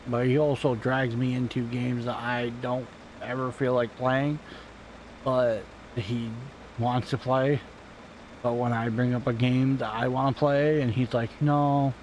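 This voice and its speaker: A man's voice: medium pitch, little pitch movement, a little slow, a little mellow, slight background noise, rough recording. A man giving casual, rambling commentary over a farming game, offhand and self-deprecating, swearing now and then. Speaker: gaming channel host. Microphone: desk microphone at home.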